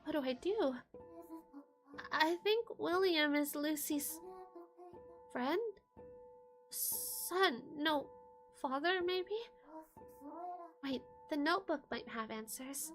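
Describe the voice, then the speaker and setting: A woman streamer commenting on a game as she plays, thinking through her choices out loud. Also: sits high, creaky.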